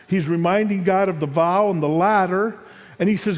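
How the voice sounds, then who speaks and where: High-voiced preacher in a reverberant hall. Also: male voice, moderate pace. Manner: storytelling preacher, swings between loud and hushed, voices the biblical figures. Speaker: pastor. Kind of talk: sermon.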